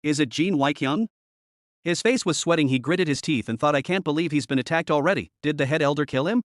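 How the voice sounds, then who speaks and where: A man narrating a comic story recap in a rushed, even storytelling manner. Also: on the high side, no room sound, clean studio sound.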